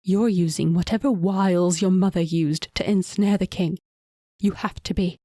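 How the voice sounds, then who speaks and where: A woman voicing an imperious, furious queen and mother, shrill and accusing with open contempt. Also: animated, a little slow, warm tone, dry recording, clean studio sound. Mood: shrieking contempt.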